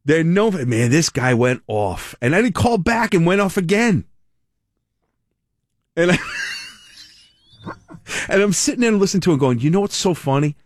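A man's voice: a little high, big pitch swings, normal speed, pauses often, no room sound. A man hosting a radio talk show, chatting casually, rambling with restarts and frequent laughter. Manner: rambling, laughing, self-interrupting.

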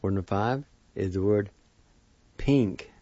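A man giving a vocabulary lesson, spelling each word letter by letter and repeating the pronunciation slowly and carefully. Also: lowish voice, warm tone, no echo. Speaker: language teacher. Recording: dull lo-fi recording.

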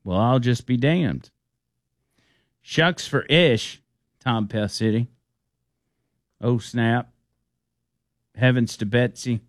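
A man's voice: mid-range voice, steady tone, a little mellow, dry recording, clean studio sound. A man hosting a casual chat, reading out listener messages and laughing often. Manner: laughs often, reads out phrases slowly. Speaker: show host reading listener comments.

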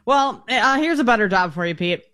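A host from Minnesota with a Minnesota accent, running a sports radio show and briskly reading out football win totals for the co-host. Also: mid-range voice, expressive, pushed and bright. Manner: brisk, sets up each topic for the co-host. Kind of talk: sports betting talk on air.

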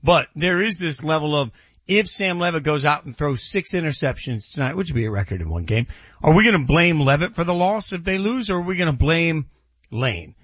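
A man's voice: fairly high pitch, lively intonation, fairly quick, fairly bright tone, no room sound, dull audio. A man co-hosting a sports talk show, arguing his points emphatically and building them with repetition in casual debate.

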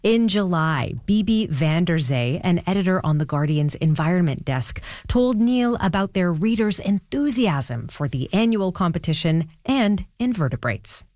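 A woman's voice: on the low side, expressive, normal speed, a little mellow, dry recording. A woman hosting a radio show, reading a scripted segment in a wry, conversational way.

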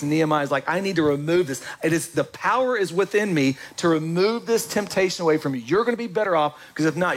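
Animated preacher man, lively pitch. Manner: animated, acts out quotes in voices. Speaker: pastor. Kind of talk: sermon.

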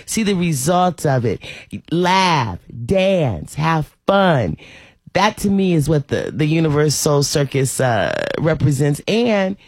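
A woman hosting a talk show, chatting in an animated, preachy, folksy way. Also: deep voice, dry recording. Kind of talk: casual talk show chat.

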